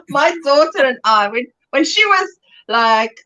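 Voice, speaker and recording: Crafting on her livestream, this middle-aged South African host chats, laughs and reads viewers' comments aloud. Her voice is high, pushed and bright.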